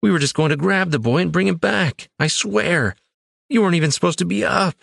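A man's voice: lowish voice, normal speed, dry recording, clean studio sound, natural voice. Man reads male adventurer, guilt-ridden, voice cracks upward when panicked. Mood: frantic. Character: desperate male adventurer, grieving a friend.

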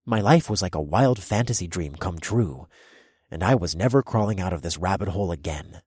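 A male audiobook narrator with a very deep, husky voice, reading first-person fiction in a brash, swaggering way. He is recorded close and dry, with no room sound. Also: animated, a little fast, darkish tone, dry recording.

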